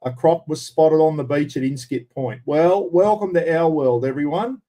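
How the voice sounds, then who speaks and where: Aussie male host, laid-back rambling livestream talk, swears freely, mellow timbre, a bit high-pitched. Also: normal speed. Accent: Australian. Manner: blunt, rambling, casual swearing. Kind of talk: casual livestream chat answering viewers.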